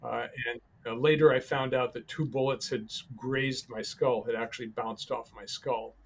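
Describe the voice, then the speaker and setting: A man, a podcast guest, telling a personal story in a calm, halting way with many pauses and restarts. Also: medium pitch.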